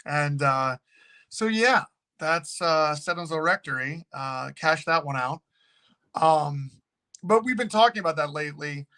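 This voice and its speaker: A man who owns a haunted location, a guest telling a story in casual, animated talk and swearing freely. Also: a little high, a little slow.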